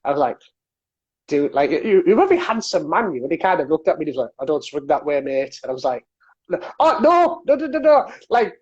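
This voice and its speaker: A man's voice: a little high, big pitch swings, fast talker, a little mellow, slightly rough. A man hosting a podcast, telling stories in a rambling way with many repeated words. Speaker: podcast host. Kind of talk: casual podcast chat. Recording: dull lo-fi sound.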